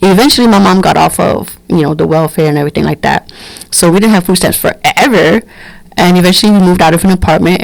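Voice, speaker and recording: A woman's voice: fairly low pitch, vocal fry, no echo, rough recording. A middle-aged woman, telling candid stories bluntly as a podcast host. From Brooklyn, New York. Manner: candid, blunt, animated storytelling. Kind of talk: casual storytelling monologue.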